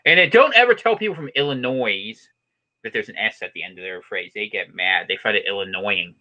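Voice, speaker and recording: Midwestern host, animated voice, playful and quick with the bits. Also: male voice, lowish voice, lo-fi sound. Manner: jokey, does quick accent impressions. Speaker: show host. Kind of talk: casual chat.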